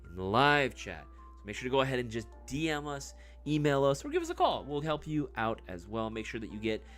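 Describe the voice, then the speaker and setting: A man's voice: medium pitch, sing-song, brisk, faint music behind. A man hosting a casual livestream giveaway, joking and swearing, talking back to the live chat. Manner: swears loosely; mock ASMR murmur. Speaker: livestream host.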